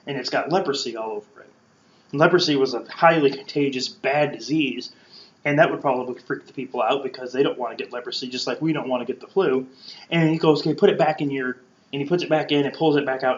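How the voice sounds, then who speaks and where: A man at a middle pitch gives a relaxed Bible talk and slips into playful voices for the people in the story. The sound is roomy and a bit dull, like a lo-fi room recording. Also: brisk. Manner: conversational, acts out quotes playfully. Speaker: podcast host teaching scripture. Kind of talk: casual Bible teaching.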